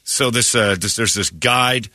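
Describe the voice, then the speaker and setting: A man's voice: mid-range voice, measured pace, dry recording, studio quality. A man hosting a radio show, telling a story in casual chat with lots of restarts and fillers. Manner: animated retelling with many restarts and fillers. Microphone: studio microphone.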